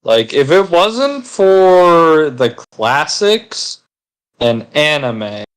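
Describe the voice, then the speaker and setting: Slow-talking man in casual gaming chat. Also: on the high side, very animated, clear, resonant tone, rough recording. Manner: rambling, swears casually, teasing. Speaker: gaming video co-host.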